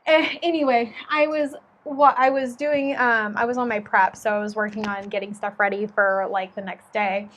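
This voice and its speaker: A woman's voice: medium pitch, moderate pace, hardly any pauses, a little hiss or hum. A woman who teaches young children, chatting casually and telling stories animatedly, acting out the voices. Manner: animated storyteller, acts out voices, laughs often. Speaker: co-host and book reader. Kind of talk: casual chat with read-aloud passages.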